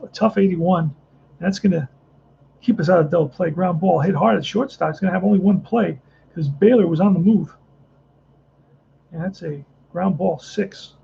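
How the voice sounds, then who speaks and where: Guy talking thru a tabletop baseball game, kinda rambly, high scratchy voice, dull lo-fi sound. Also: vocal fry, darkish tone. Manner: rambling, thinks aloud, restarts often. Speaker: tabletop baseball player narrating a replay. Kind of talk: casual play-by-play and chat.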